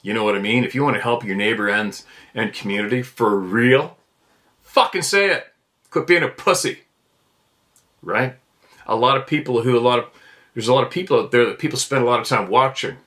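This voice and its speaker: A man's voice: medium pitch, fairly even intonation, quick pace, a bit bright. A man hosting his own show, talking in a blunt, fired-up rant, cursing freely and repeating his points. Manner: blunt and profane, repeats himself. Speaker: podcast host. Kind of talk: fired-up ranting monologue.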